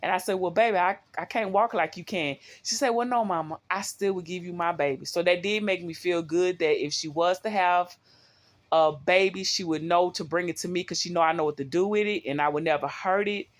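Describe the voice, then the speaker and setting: A woman's voice: on the low side, a little fast. A middle-aged woman talks straight to her viewers in a loose, rambling way. She is recorded on a phone at home and keeps turning to them with questions. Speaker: vlogger. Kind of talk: casual talk to viewers.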